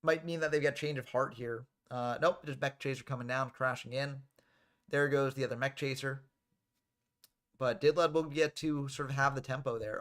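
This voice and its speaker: Male host calling card game plays, casual and chatty, mid-pitched voice. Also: fairly even intonation, moderate pace, a bit bright. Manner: chatty, drifts into off-topic asides. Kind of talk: casual play-by-play commentary.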